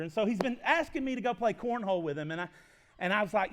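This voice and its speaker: A pastor in his thirties, speaking with a fairly high voice in a chatty, folksy sermon. He tells stories in a self-deprecating way, with frequent laughs and restarts. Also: expressive, fast talker, a bit bright. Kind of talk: conversational sermon storytelling.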